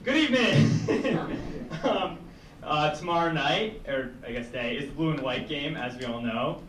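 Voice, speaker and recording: A man's voice: a little high, animated, measured pace, background noise. A young man doing a stand-up set, rambling and chuckling at his own jokes. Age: young adult. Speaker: stand-up comedian. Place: small indoor comedy room with audience. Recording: echoey room mic from far off. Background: audience laughter.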